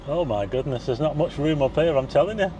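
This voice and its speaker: A man's voice: a little high, expressive, a little fast, noisy background. An older man chatting to viewers as he drives and climbs a hill, exclaiming and getting out of breath. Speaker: walking vlogger. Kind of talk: casual vlog narration. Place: outdoors, driving then hillside walk.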